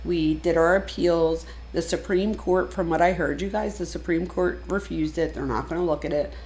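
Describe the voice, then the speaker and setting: A woman commentating on a true crime case, emphatic and exasperated, with loud bursts. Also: lowish voice, brisk, rough recording. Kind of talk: reaction commentary.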